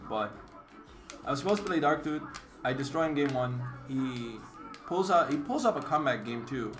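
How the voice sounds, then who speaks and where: A young man streaming a casual storytime rant. He talks in an animated, exasperated way, swears freely and acts out the other people in the story. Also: medium pitch. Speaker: competitive gamer streamer.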